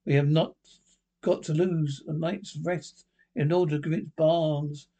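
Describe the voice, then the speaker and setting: A man reading aloud as a grumbling gentleman dragged out on a ghost hunt, dry and complaining in a somewhat high voice. He sounds like a storybook figure who would rather be home in bed. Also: flat delivery, a little slow. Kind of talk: audiobook character voice.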